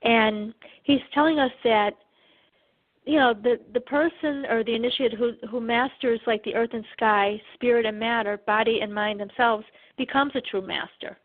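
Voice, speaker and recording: Brief: eager woman co-host, rambling with fillers, somewhat high, phone-line sound. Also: steady tone, normal speed. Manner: enthusiastic, many fillers like you know. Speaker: co-host and channeler. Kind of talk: spiritual talk show.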